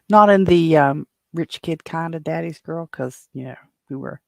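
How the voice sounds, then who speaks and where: Woman, tired solo podcast host, gravelly edge, chatty and meandering. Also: sits low, measured pace, no echo, clean studio sound. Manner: rambling, chatty, lots of restarts and fillers. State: tired, yawning. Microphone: home microphone.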